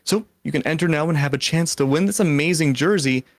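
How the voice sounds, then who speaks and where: An upbeat man calls a live esports match in a chatty way that is quick to joke. His voice sits a bit above the usual male pitch, and it sounds dry and close to the mic. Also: no echo. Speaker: esports caster.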